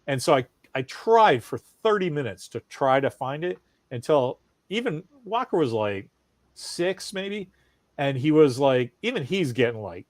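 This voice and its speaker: A middle-aged man, voice slightly high and pace slightly slow, co-hosts a casual chat podcast with no echo. He tells stories animatedly, swearing and acting out what people said.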